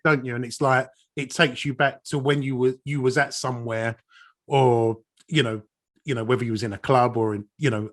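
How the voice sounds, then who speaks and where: Male host, mid-pitched, eager, repeats himself. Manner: enthusiastic, repeats words for emphasis. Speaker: podcast host. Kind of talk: casual interview chat.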